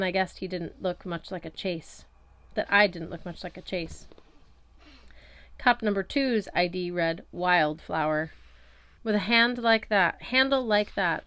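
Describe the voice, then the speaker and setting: A woman's voice: on the low side, fairly bright tone, smooth, no room sound. A woman narrating a first-person audiobook chapter in a wry, conversational storytelling manner. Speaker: audiobook reader.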